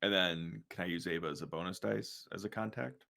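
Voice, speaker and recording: A man playing a tabletop game, speaking in a measured way with many "you know"s. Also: low voice, vocal fry, pushed and bright. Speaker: player.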